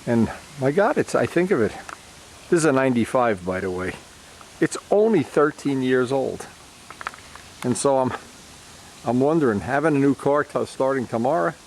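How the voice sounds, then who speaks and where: A man's voice: medium pitch, darkish tone, slight background noise. A man vlogging in a casual, rambling way, sentimental and often trailing off mid-sentence. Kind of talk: casual reminiscing to camera.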